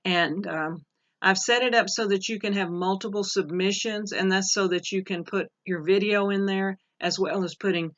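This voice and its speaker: A woman teaching a recorded online pronunciation lesson, reading word lists slowly and carefully with pauses and fillers. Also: mid-range voice, steady tone. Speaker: Spanish teacher. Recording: dull lo-fi recording.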